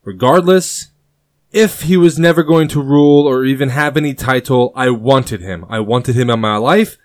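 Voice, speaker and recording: Man as a furious royal in grief, booming commands, dry close recording. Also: normal speed, darkish tone, dry recording, lightly acted. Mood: grieving fury. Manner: booming, rising into anger. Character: grieving, furious male king, commanding.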